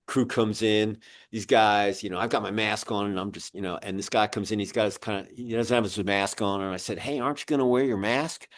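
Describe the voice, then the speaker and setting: A man's voice: lowish voice, steady tone, brisk, few pauses. A man in his sixties hosting a business podcast, telling rambling anecdotes full of fillers. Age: 60s. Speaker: podcast host and magazine publisher. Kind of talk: casual storytelling interview.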